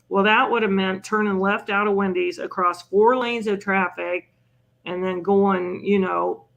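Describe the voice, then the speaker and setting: On a recovery podcast, an older female guest shares personal anecdotes with a chatty, self-deprecating air, peppered with "you know" and brief laughs. Her mid-range voice is creaky and fairly bright, the intonation mostly even, and the high frequencies sound cut off.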